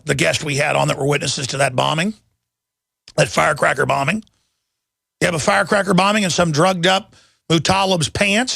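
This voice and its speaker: A man's voice: high voice, gravelly, pushed and bright, no echo, clean studio sound. A middle-aged man hosting a talk radio show, ranting in an angry, combative and scornful monologue.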